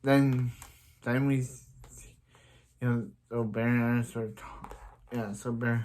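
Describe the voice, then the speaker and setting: A man's voice: medium pitch, steady tone, measured pace, a little mellow. Rambling man recapping an episode. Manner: rambling, many restarts and "so yeah" fillers. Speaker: show reviewer.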